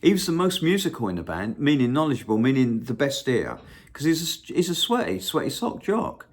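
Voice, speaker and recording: This channel host has a brisk, sing-song, mid-range voice. He rambles through a casual monologue, swearing freely and slipping into humming and snatches of song.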